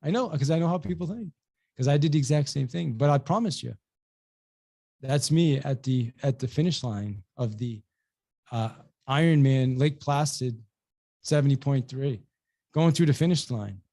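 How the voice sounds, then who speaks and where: A man's voice: mid-range voice, normal speed, mellow. A man hosting a webinar, telling a personal story with energy, acting out both sides of the dialogue, often repeating words and restarting. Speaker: webinar host and real estate coach.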